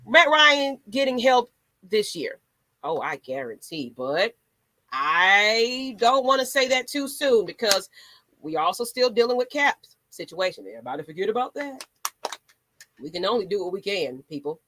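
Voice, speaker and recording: Very animated at a normal speed, this woman's medium-pitched voice carries a fairly bright tone with no echo. She hosts a sports fan channel and delivers sassy, dramatic rants full of mock voices.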